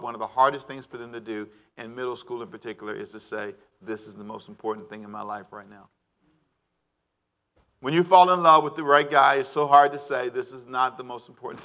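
A male pastor preaching a sermon, animated and calling on the congregation to answer back. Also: mid-range voice.

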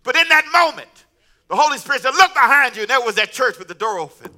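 High, sharp-voiced male preacher. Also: quick pace. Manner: animated, repetitive, acts out dialogue. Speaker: pastor. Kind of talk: sermon storytelling.

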